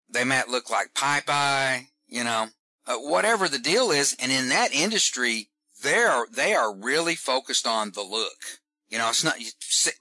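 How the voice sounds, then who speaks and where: A man in casual conversation, talking in an animated, rambling way with frequent restarts and asides. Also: mid-range voice, no room sound. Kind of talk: casual chat.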